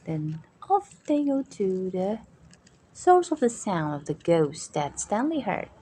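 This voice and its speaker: A woman narrating a toy-train play story in a plain, slow storytelling way. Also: mid-range voice, very animated, dark tone, breathy edge.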